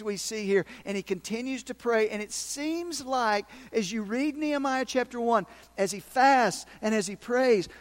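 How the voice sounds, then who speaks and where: A male pastor preaching a sermon, acting out prayers and asides with passion. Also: extremely high pitch.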